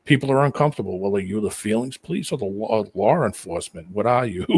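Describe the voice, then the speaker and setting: A man's voice: on the low side, lively intonation, a little fast, darkish tone, slight background noise. A man on a live panel, chatting casually and wryly acting out quoted back-and-forth exchanges. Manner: wry, acts out quoted exchanges. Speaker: panel guest. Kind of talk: casual chat.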